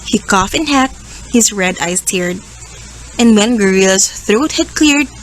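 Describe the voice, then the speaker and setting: A woman with a Filipino accent, a teacher reading a children's story aloud with expressive animal voices. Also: a little high, moderate pace, low-quality recording. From Philippines.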